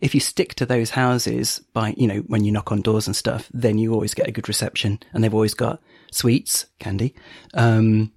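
A man's voice: on the low side, little pitch movement, moderate pace, few pauses, a little mellow, husky, no room sound, clean studio sound. A man hosting a podcast in casual chat, laughing often and filling gaps with ums. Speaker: podcast host.

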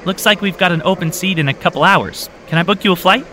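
A man's voice: sits high, fast talker, a little hiss or hum, voice pushed up. A man voicing a cheerful female airline counter clerk in an audiobook. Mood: chipper. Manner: overly cheerful, bright sing-song. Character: woman airline clerk, chipper and upbeat.

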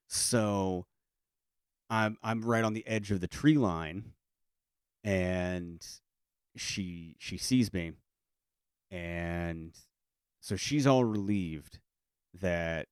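A man's voice: deep voice, dry recording, clean studio sound. A middle-aged man telling a childhood story in a casual, comic way, rambling with lots of fillers and restarts. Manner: acts out family voices in quotes.

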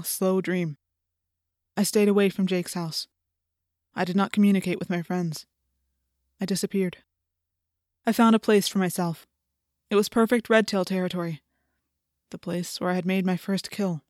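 A woman's voice: fairly low pitch, a little mellow, no echo, studio quality. A woman narrating an audiobook in the first person, telling the story with intense, dramatic delivery.

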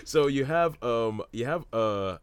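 A man's voice: mid-range voice, lively intonation, slow, clean tone, dry recording. A man leading a casual chat about old films, rambling with many fillers and restarts and chuckling often. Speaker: film discussion host.

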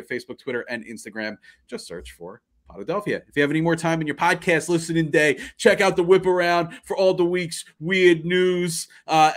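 A man hosting a sports podcast, chatting casually and reading the outro. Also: a little high. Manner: lively, reads outro briskly. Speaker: podcast host.

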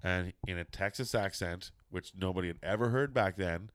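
A man's voice: low-pitched, normal speed, slight background noise. A middle-aged man telling a long, profane anecdote in casual chat, acting out the people in it. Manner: profane, animated storytelling with quoted voices.

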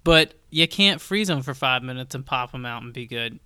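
A man's voice: medium pitch, lively intonation, normal speed, sharp tone, clear, resonant tone, no echo, clean studio sound. A young man co-hosting a podcast in casual chat, matter-of-fact and steering the conversation along. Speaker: podcast co-host.

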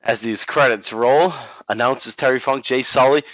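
A man's voice: medium pitch, normal speed, fairly bright tone, no echo. A man with a Boston accent co-hosting a podcast, chatting casually about old wrestling tapes, laughing often and swearing freely. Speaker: podcast co-host. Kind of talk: casual chat watching wrestling.

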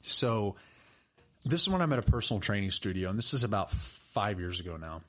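Young man, podcast co-host, lower-pitched, loose animated storytelling. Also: fairly quick. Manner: chatty, animated storyteller with laughs and fillers. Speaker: personal trainer and podcast co-host. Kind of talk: casual podcast chat and storytelling.

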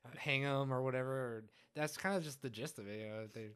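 Male co-host, quick talker, relaxed and chatty with filler. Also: medium pitch, clear, resonant tone. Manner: relaxed, heavy use of filler words. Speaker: podcast co-host. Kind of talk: casual conversation.

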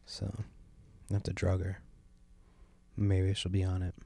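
Man, podcast host, gravelly, dark tone, dry close sound, rambling, profane. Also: deep voice, monotone, unhurried, no echo. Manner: complaining, sardonic. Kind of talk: casual solo podcast rambling. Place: sitting at home by a window.

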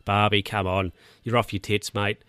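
Give me an exasperated old grandpa, as a man puts him on, low-ish and scolding. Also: little pitch movement, moderate pace, bright, forceful tone, clean tone, dry recording, clean studio sound.

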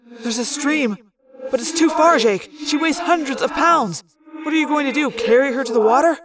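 A woman's voice: high-pitched, normal speed, distant mic, a crowd in the background, voice pushed up, close to an everyday voice, poor audio. A woman voicing a wary teenage boy who speaks in an urgent, tense way. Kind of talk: audiobook character voice.

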